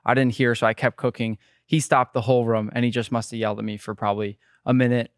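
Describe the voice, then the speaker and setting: A man in his twenties, a guest chef, telling rambling, animated stories in a casual podcast interview. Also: mid-range voice, quick pace, clear, resonant tone, no room sound, clean studio sound.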